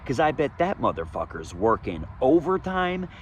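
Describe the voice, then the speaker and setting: A man telling his own story in a candid, profane monologue outdoors, swinging between loud emphasis and low muttering. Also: sing-song, normal speed, a little hiss or hum. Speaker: vlogger sharing his recovery story. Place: outdoors, sunny day.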